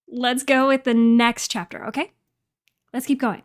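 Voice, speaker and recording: A woman livestreaming from home into a desk mic, talking excitedly and rambling about her project. Her voice is smooth and a bit high. She takes her time between thoughts. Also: unhurried. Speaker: streamer reacting to her audio drama. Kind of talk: casual livestream chat. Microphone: desk microphone.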